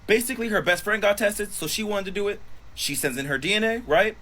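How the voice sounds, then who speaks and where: A man casually retelling a story, animated and acting out the quotes with cursing. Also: high-pitched, quick pace, low-quality recording. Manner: animated, swears, acts out quotes. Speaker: storyteller on social video.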